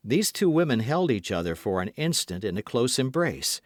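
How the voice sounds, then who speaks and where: A man narrating a classic novel as an audiobook with an expressive reading. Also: medium pitch, moderate pace, hardly any pauses, no room sound, studio quality. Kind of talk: scripted narration.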